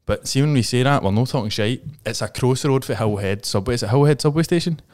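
A man's voice: mid-range voice, fast, a little mellow. A Scottish man hosting a podcast, reading a rambling, jokey and sweary ad in casual chat. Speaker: podcast host.

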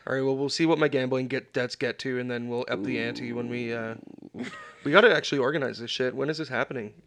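A man's voice: mid-range voice, fairly even intonation, fast, gravelly, noisy background. A man co-hosting a casual sports podcast, arguing bluntly and swearing. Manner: blunt, swears, argues points. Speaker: podcast co-host.

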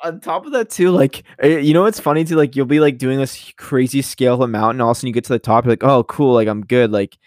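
A man's voice: medium pitch, quick pace, hardly any pauses, no room sound, clean studio sound. A young man in casual chat, rambling with many fillers and acting out characters' lines.

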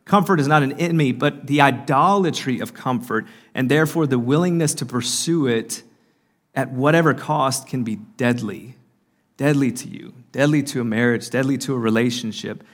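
A man gives an earnest talk at a church conference in a mid-range voice. He often pauses on fillers and restarts his phrases as he speaks. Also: mid-range voice. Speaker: conference speaker and podcast host. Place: conference hall.

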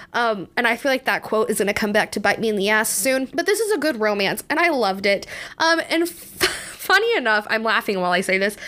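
A young woman hosts a casual book review podcast, chatty and congested, laughing often and full of fillers and restarts. Her voice is on the high side, bright, and forceful.

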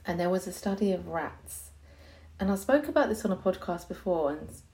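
A woman's voice: on the low side, expressive, fairly quick, dark tone. A young woman hosting a podcast, chatting frankly and casually, laughing often. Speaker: podcast host, hypnobirthing teacher. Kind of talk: casual chat.

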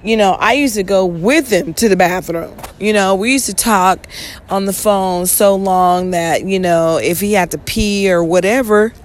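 A woman's voice: mid-range voice, unhurried. A woman hosting her own podcast, talking in a blunt, profane, rambling monologue and yawning often. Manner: frequent yawning. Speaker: podcast host. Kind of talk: casual monologue.

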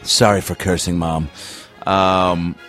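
A man's voice: sits low, level tone, slow pace, fairly bright tone, faint music behind. A man hosting a podcast, reading an ad and introducing the show in a hyped, loose and profane way. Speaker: podcast host. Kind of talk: casual ad read and show intro.

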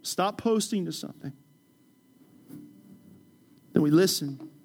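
A man pastor preaching a passionate sermon in a church, swinging from loud urgent calls to quiet prayer. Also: fairly high pitch, slow, gravelly, slight background noise. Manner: impassioned preaching, rising loud then dropping soft.

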